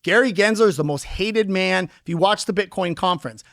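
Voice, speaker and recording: A man with a high speaking voice, interviewed as a crypto investor on a podcast. He talks with energy and explains markets through everyday analogies. The recording is dry and close. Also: no room sound. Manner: energetic, explains with homely analogies, acts out quick quoted voices.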